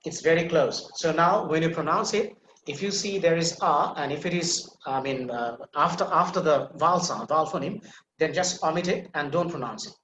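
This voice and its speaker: Guy teaching pronunciation online, kinda high voice, echoey room with a bit of hiss, patient and slow on the demo words. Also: a bit bright. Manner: patient, repeats words slowly to model pronunciation. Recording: echoey room with faint noise.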